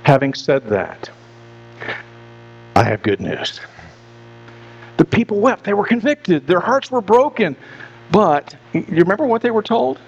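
A man's voice: sits high, big pitch swings, measured pace, creaky, pauses often, slightly rough. A man preaching a sermon as pastor, earnest and repetitive, often restarting his phrases. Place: church. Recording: dull lo-fi with mains hum.

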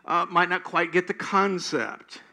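A man's voice: sits high, lively intonation, a little slow, creaky, sharp tone. An older man preaching a sermon, telling stories and acting out quoted prayers with animation. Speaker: pastor.

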